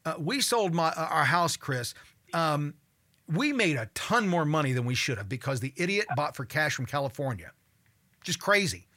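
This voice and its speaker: A man in his sixties hosts a call-in radio show in a high, bright voice. He talks in an animated, worked-up way, stumbling over repeated words and cursing when something annoys him. There is a clear, forceful edge to his delivery. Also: moderate pace. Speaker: radio talk show host.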